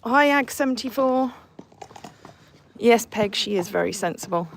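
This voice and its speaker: Hosting a casual live stream outdoors on horseback, a woman reads viewer comments and, between them, coos at and scolds her horses. Her fairly high voice is expressive and a little slow, with slight background noise.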